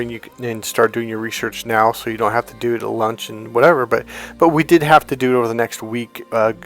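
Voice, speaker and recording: Middle-aged guy rambling through a story, cusses a lot, voice sits mid-range, faint music behind. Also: medium pitch. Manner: animated, swears freely, acts out quoted people. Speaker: dating coach. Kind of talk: casual storytelling monologue.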